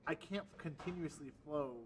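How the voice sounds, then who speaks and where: A man co-hosting a casual chat, talking quickly and using lots of filler words. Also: on the high side, far from the mic, a little hiss or hum, low-quality recording. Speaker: co-host.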